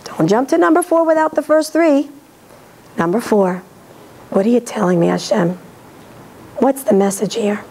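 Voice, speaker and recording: Hoarse, gravelly-voiced woman lecturing. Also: fairly high pitch, normal speed, long pauses, low-quality recording. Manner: earnest, animated, acts out dialogue. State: hoarse from laryngitis. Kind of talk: religious lecture to an audience. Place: synagogue hall.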